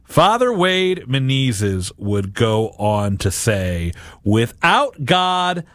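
A man's voice: medium pitch, very animated, drawn-out words, fairly bright tone, no echo, clean studio sound. A man hosting a daily gospel reflection, talking earnestly and directly to his listeners and often repeating words as he goes.

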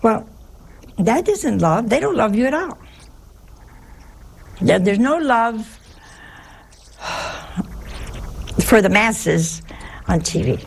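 A woman's voice: fairly high pitch, sing-song, very slow, vocal fry, pauses often, slight background noise. A woman who is a nun, giving a chatty sermon-style talk, telling stories and asking her listeners rhetorical questions.

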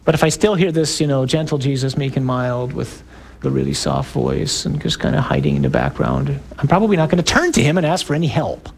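A middle-aged priest giving an emphatic talk to a parish group, building up to loud exclamations. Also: male voice, a little high, very animated, a little fast, gravelly, breathy edge.

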